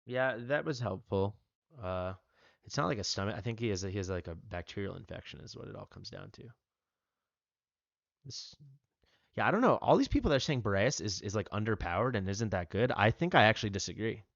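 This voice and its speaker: A man with a low, gravelly voice chats loosely while he plays on stream, rambling from thought to thought with plenty of fillers. He sits close to a dry, slightly dull mic. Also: animated, a little fast, dry recording. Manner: rambling, playful, filler-heavy. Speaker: streamer playing a mobile game. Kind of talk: casual livestream chat.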